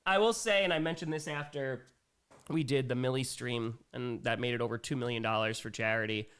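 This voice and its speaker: Man, thirties, live-stream host, relaxed chatty talk, crisp bright tone. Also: mid-range voice, fairly quick. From United States. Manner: relaxed, chatty, frequent fillers. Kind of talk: casual live-stream Q&A chat.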